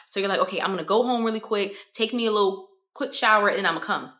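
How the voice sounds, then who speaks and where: A young woman vlogger giving a motivational talk to camera, animated, often acting out quoted voices. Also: mid-range voice, rapid-fire. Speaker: lifestyle vlogger.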